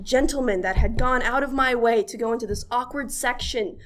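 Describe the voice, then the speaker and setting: High-voiced giggly young woman. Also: normal speed. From Minnesota. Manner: giggly, animated storytelling. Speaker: podcast co-host. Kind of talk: casual chat.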